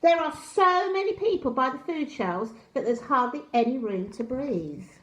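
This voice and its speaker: A woman reading aloud as a caring, fussy grandmother who talks in a brisk, scolding, anxious way. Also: high-pitched, animated. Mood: fussing. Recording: roomy echo.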